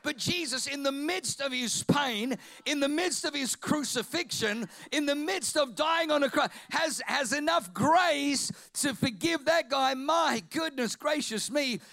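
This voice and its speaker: A man preaching a fervent sermon as pastor, swinging between shouted declarations and quiet asides. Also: very high-pitched, measured pace, gravelly, hardly any pauses.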